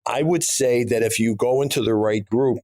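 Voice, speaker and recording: A man's voice: medium pitch, moderate pace, warm tone, dry recording, clean studio sound. A middle-aged man co-hosting a podcast, speaking bluntly and emphatically in a casual conversation. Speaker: podcast co-host, business owner.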